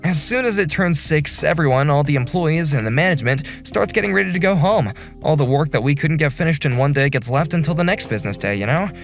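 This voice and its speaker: शांत, समझदार सेक्शन चीफ़. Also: male voice, a little high, quick pace, hardly any pauses, soft background music. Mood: calm. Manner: calm, apologetic, reassuring. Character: calm, considerate male section chief. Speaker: narrator and section chief. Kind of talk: first-person story narration in a dubbed animation.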